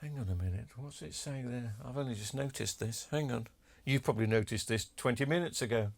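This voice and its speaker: A man's voice: medium pitch, fairly quick. A man talking casually while demonstrating electronics, chatty with cheeky asides. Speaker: electronics repair video maker. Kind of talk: casual demo talk to camera.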